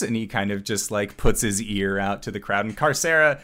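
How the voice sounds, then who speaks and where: A man narrating a tabletop game as game master, halting often with filler sounds. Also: on the low side, bright, forceful tone.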